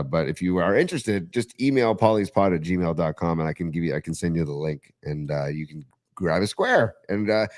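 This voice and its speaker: Man, lowish voice, excitable rambling sports podcast co-host. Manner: enthusiastic, rambling with restarts. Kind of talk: casual sports chat.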